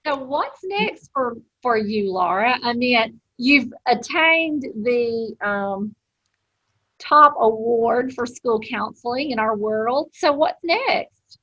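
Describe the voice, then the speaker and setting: A woman host with a bright, forceful voice pitched a little high, gushing with enthusiasm. The audio is dull and lo-fi, like a video call, and dry with no room sound. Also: animated, takes it slowly, breathy edge, no echo. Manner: warmly enthusiastic, effusive. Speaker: podcast host. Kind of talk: casual interview chat.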